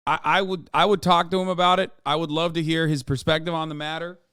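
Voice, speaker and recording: A man's voice: a little high, level tone, quick pace, a bit bright, smooth, no room sound, clean studio sound. A man streaming a casual reaction commentary, ranting in an exasperated, profane way.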